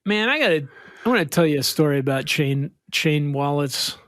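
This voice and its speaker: Higher-voiced middle-aged man, rambling storyteller. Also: expressive, moderate pace, fairly bright tone, dry recording, clean studio sound. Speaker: podcast co-host and touring musician. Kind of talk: casual chat. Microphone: remote recording over an online call.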